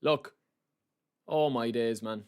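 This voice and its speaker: A young Irish man streaming a game, chatty and excitable, talking to his chat as "lads" and saying he is sleep-deprived. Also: mid-range voice, slow pace, clean tone. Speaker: gaming streamer. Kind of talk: live stream chat while opening game packs.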